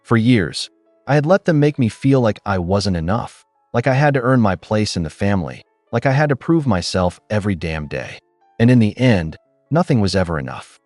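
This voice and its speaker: A man narrating a dramatic first-person story in a scripted, animated storytelling manner. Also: lowish voice, moderate pace, no room sound, faint music behind.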